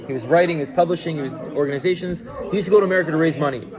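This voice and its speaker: High-voiced man lecturing a class. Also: rapid-fire, crowd noise. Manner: conversational, full of fillers and restarts, asks the listeners questions. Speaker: rabbi teaching a class. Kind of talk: informal Torah lecture with storytelling.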